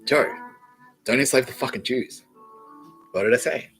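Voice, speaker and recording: A man hosting a podcast, rambling through a profane monologue that swings from low mutters to loud outbursts. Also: moderate pace, faint music behind, low-quality recording. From Australia. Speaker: podcast host.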